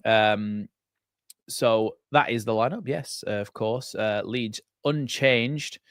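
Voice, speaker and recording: A man's voice: on the low side, slow, no room sound. A man hosting a live football watchalong from his home computer, chatting loosely with lots of fillers and restarts. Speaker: football fan channel host. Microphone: desk microphone.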